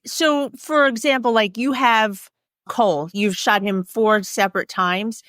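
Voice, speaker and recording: Woman host, unhurried questions, slightly high, dry sound. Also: no room sound. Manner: relaxed, asks questions, reacts with laughter. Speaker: podcast host. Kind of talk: casual interview.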